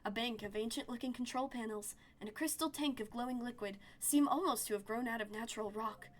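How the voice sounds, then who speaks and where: A woman streamer reading a narrative game aloud in an expressive, storytelling way. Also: fairly high pitch, a little fast.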